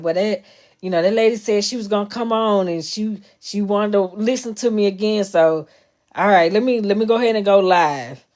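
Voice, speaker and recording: A woman's voice: mid-range voice, darkish tone. Candid, chatty woman streaming live. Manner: candid and chatty, swearing and laughing easily. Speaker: medium live-streaming to followers. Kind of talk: casual chat.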